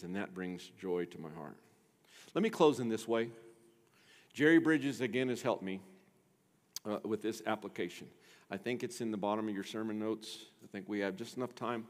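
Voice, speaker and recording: Pastor preaching in a reverberant hall. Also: male voice. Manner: emphatic, call-and-response with the congregation; drops to a soft low voice on key phrases. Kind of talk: sermon. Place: church.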